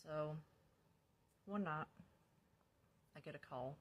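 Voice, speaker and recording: A woman's voice: sits low, slow pace. Candid woman telling her own story. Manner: candid, swears freely, laughs often. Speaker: vlogger sharing her recovery story. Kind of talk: casual personal storytelling.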